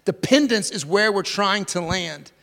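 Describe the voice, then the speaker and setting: A high-voiced man in his forties delivers a sermon from the pulpit. He is emphatic, pressing his points through repetition and lurching from loud declarations to hushed, intimate lines. His voice rings out in a hall with a long reverb. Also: animated, measured pace, vocal fry. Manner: emphatic, swinging from loud declarations to hushed near-whispers, repeats key words. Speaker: pastor.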